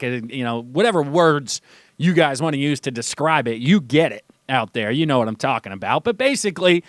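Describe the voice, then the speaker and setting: High-voiced animated sports radio man. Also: dry recording, clean studio sound. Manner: animated, mocking, acts out quotes in a high voice. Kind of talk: casual sports talk monologue. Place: radio studio.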